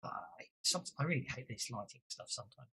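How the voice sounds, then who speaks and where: A game master running an online tabletop game, chatting with fillers and muttering while fixing the software. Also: medium pitch, animated, fairly quick, vocal fry, a little hiss or hum.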